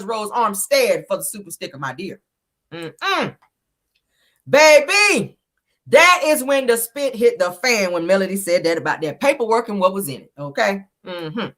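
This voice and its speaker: A woman hosting a casual gossip recap, sassy and animated, laughing often and acting out quotes. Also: on the high side. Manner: thanks viewers for stickers mid-talk. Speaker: reality TV recap host.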